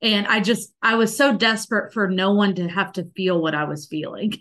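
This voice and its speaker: A woman's voice: mid-range voice, fairly even intonation, normal speed, a bit bright. A woman, likely in her thirties, telling a guest in an interview her emotional personal faith story, earnest and full of restarts. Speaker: podcast guest.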